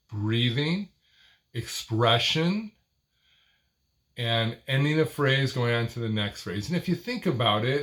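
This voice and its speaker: An older man teaching speech technique, talking in short, deliberate phrases with a stressed word near the end of each one. His delivery is expressive and almost sing-song. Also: medium pitch. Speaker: speaking coach. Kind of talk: instructional talk to camera.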